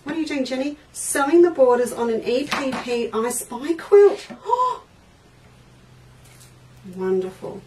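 This quilting shop host has a high-pitched, mellow voice with lively intonation, moving at a moderate pace with hardly any pauses. She leads a live crafting demonstration from an indoor studio, reading viewer comments aloud and chatting as she works, captured on a distant mic with faint noise.

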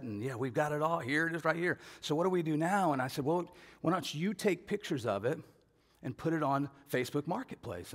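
A man preaching a sermon as a pastor, telling a family story in an animated way and acting out voices with shouts and laughs. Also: fairly high pitch. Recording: long hall reverb.

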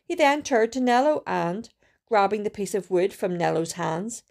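A woman reading a storybook aloud with a steady, careful delivery and small restarts. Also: mid-range voice, moderate pace, vocal fry. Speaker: student reader.

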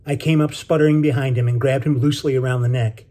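Husky-voiced man narrating a novel. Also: mid-range voice. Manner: steady, measured storytelling. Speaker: author reading his novel. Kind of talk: scripted narration.

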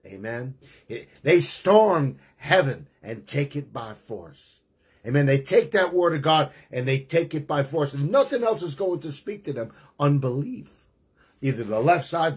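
A man's voice: medium pitch, breathy edge. A middle-aged man preaching a fervent testimony sermon, emphatic and punctuated with amens.

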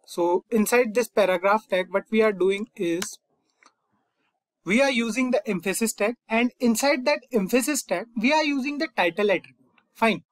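A young man hosting a coding tutorial, calmly walking through each step and often saying "fine" and "over here". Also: high voice, moderate pace, no echo. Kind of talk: screen-recorded coding lesson.

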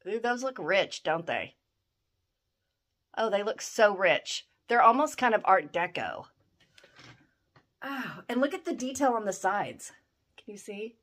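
A woman's voice: on the high side, a bit bright. A middle-aged woman opening fan mail, gushing and exclaiming over each gift. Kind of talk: excited unboxing chat.

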